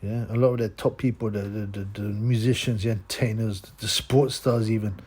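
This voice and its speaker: A man's voice: on the low side, steady tone, a little fast, a little mellow, husky. A man hosting his own channel, delivering a crude, scornful ranting monologue and tagging his sentences with "man" and "yeah?". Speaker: channel host.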